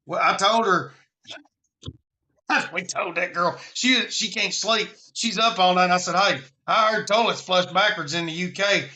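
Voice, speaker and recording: A man's voice: high voice, a little slow, pushed and bright. A man from Alabama with a Southern accent, hosting a casual live stream about preparedness in a folksy, rambling way.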